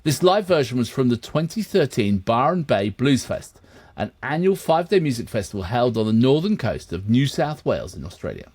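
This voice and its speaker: A man's voice: medium pitch, sing-song, fairly quick, a little mellow, husky, dry recording. A man co-hosting, chatting casually and reading from notes, often laughing and steering the talk back on track. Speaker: co-host of a music reaction channel.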